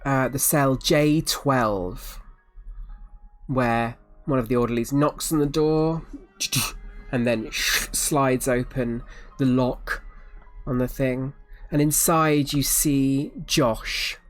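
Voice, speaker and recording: A woman narrating a tabletop horror game as game master, calm and measured. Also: a bass voice, no room sound, soft background music.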